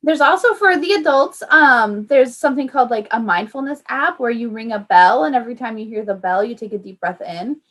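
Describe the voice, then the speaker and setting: Woman, early childhood staff, friendly chatty explainer, fillers, fairly high voice. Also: lively intonation, brisk, few pauses, a bit bright. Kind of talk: informal parent education talk.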